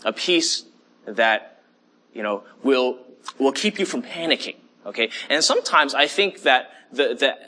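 A man's voice: mid-range voice, expressive, unhurried, sharp tone. A man preaching a sermon in a conversational way, often checking in with the listeners. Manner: conversational preaching with fillers and "okay?" check-ins. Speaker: pastor.

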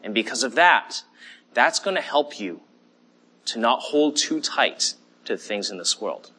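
A man's voice: mid-range voice, lively intonation, a little slow, bright, forceful tone, slightly rough. A man preaching a sermon in a conversational way, often checking in with the listeners. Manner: conversational preaching with fillers and "okay?" check-ins. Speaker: pastor.

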